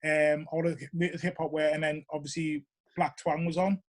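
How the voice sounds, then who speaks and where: Being interviewed as a show regular, this middle-aged man from Newcastle tells loose, animated stories in a Geordie accent, repeatedly checking "you know what I mean?". He speaks at a moderate pace in a slightly high voice.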